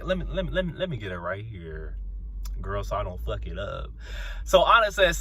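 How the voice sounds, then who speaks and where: A man with a fairly high voice rips through a reality show episode, his pitch swooping wildly from low grumbles up to sharp squeals. He talks in a sassy, slangy, dramatic way, like he is gossiping with friends. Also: very animated, normal speed, husky. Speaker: reality show reviewer and channel host. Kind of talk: casual episode recap.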